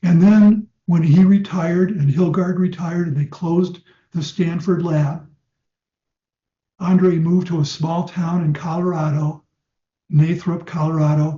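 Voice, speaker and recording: An older man teaching clinical hypnosis in a conversational lecture style, telling stories and slowing down to demonstrate gentle hypnotic suggestions. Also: a little high. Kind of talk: lecture to trainees. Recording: dull, roomy lecture-hall sound.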